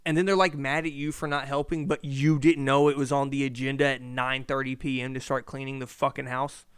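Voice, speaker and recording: Profane, rambling sports-podcast host. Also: male voice, mid-range voice, a little fast, smooth, dry recording, clean studio sound. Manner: profane, rambling, animated rants. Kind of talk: casual solo sports podcast rant. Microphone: handheld mic.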